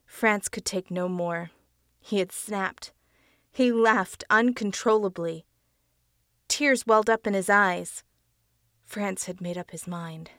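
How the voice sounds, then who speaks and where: A woman narrating a dark audiobook story in a measured storytelling voice. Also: medium pitch, dry recording, studio quality. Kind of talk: scripted narration.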